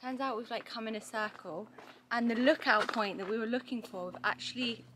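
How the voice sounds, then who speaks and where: A woman's voice: a little high, fairly quick, background noise. A woman co-hosting a casual travel vlog on a forest hiking trail, bubbly and giggly and a little out of breath. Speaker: travel vlogger co-host.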